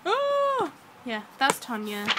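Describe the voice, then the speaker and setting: A young woman, gushing excitedly to camera in a casual vlog, full of fillers. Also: high-pitched, slow, heavy background noise. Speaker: vlogger.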